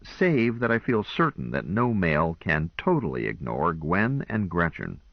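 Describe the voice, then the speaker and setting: A man reading an audiobook in a measured, expressive first-person narration, in a dull lo-fi recording. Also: low-pitched, no echo.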